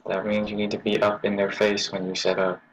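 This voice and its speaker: A young man with a headache joins a casual team strategy chat and bluntly points out the problems with each plan. His voice is deep and monotone. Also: brisk, rough recording. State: headache, whiny. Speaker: team player.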